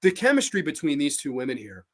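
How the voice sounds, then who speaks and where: A man hosting a podcast, chatting casually and excitably about films, swearing freely and acting out scenes. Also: a little high, fast. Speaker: podcast host. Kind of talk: casual film chat.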